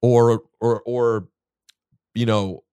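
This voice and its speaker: In a smooth, warm, medium-pitched voice with a level tone, a man hosts a casual podcast conversation on a dry recording. He makes his case emphatically and argues back forcefully.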